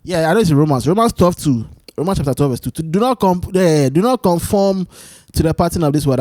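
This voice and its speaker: A man hosting his own solo talk show, rambling and animated as he tells stories, often restarting his sentences. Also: mid-range voice, fairly quick, no echo, studio quality. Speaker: podcast host. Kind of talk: casual solo chat.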